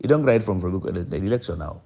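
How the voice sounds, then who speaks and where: A man's voice: lively intonation, fast, mellow. Emphatic older Sierra Leonean man. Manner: emphatic, repeats points with sudden pitch jumps. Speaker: politician. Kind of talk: public address mixing English and Krio. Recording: dull lo-fi recording.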